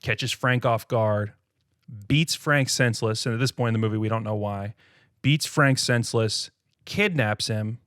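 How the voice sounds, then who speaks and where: A man co-hosting a casual movie-review podcast, retelling scenes in an animated way and laughing often. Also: on the low side, normal speed, dry recording, clean studio sound. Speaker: podcast co-host.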